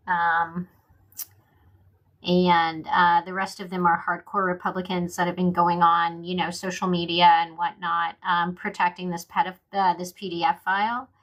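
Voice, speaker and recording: A woman's voice: on the low side, little pitch movement, unhurried, muffled recording. A woman from Louisiana with a Louisiana accent, talking bluntly in a casual political vlog, with many ums and uhs. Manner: blunt, outspoken, with frequent fillers. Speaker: vlogger.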